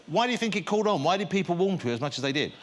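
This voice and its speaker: A man's voice: high-pitched, expressive, rapid-fire. A man hosting a chat show, interviewing a guest with wry, teasing questions. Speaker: talk show host.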